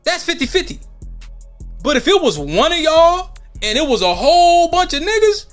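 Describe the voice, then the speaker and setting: Heated American podcast host, high-pitched, repeats points forcefully. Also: male voice, very animated, moderate pace, faint music behind. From United States. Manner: emphatic, argumentative, repeats for stress.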